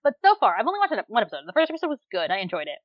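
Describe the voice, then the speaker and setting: A woman co-hosting a podcast in casual chat, animated, with lots of fillers and frequent laughter. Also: fairly high pitch, very fast, no echo, highs cut off. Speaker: podcast co-host reviewing dramas.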